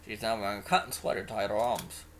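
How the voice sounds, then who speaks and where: A man reading a visual novel aloud with an animated, expressive delivery, narrating and voicing the lead. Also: lowish voice, fast, a little hiss or hum. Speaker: game narrator and player. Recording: music playing underneath. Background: music.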